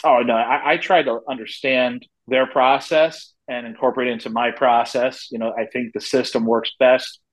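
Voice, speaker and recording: A man's voice: medium pitch, fairly even intonation, normal speed, few pauses, low-quality recording. A man in his forties, head of a wrestling company, answering interview questions in a talkative, storytelling way with frequent restarts. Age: 40s.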